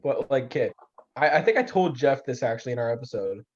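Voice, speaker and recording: A man's voice: medium pitch, brisk, slight background noise. A young man in casual podcast chat, telling stories with lots of energy and acting out the people he quotes. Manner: animated, acts out quoted voices. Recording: slightly dull lo-fi audio.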